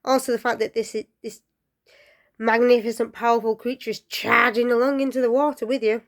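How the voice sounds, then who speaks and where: A woman telling folklore stories casually, chatty and rambling with asides and fillers, often dropping to a soft near-whisper. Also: fairly high pitch, fairly even intonation, brisk. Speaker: storyteller.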